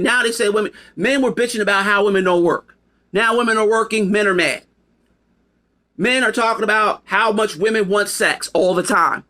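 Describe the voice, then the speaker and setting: A man's voice: high voice, moderate pace, sharp tone. A man delivering a rambling, profane opinion monologue to camera, emphatic and casual. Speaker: video commentator.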